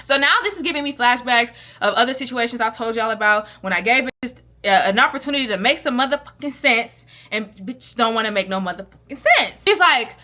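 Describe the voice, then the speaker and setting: A woman in her twenties telling a story on her vlog in a casual, animated, slangy and profane way, acting out the quotes. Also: fairly high pitch, fairly quick, hardly any pauses. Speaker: vlogger.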